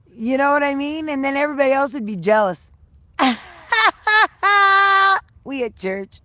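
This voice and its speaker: A middle-aged woman talks to her live viewers from outdoors on a farm. Her voice sits at an ordinary pitch and sounds dry and close, with nothing of a room around it. She keeps it loose and salty, laughing and cursing as she chats. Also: no echo. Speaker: livestreaming vlogger. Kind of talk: casual live chat with viewers.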